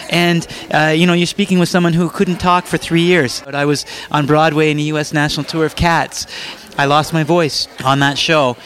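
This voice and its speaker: A man hosting a faith talk program, speaking earnestly and haltingly, repeating words as he finds them. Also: fairly high pitch. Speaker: host of a Christian program.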